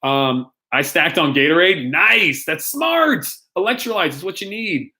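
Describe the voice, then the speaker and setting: A man's voice: a little high, very animated, unhurried, sharp tone. Playful young man hosting a youth Q&A. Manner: playful, rambling, laughs often, lots of ums. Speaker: youth pastor. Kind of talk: casual live-stream Q&A.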